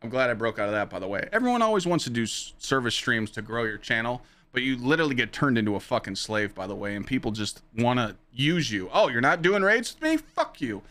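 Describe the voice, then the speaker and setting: A man hosting his own podcast, telling stories casually to a live chat in an animated, profane way, his pitch jumping high when he relives exciting moments. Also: fast talker, few pauses. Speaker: podcast host and streamer.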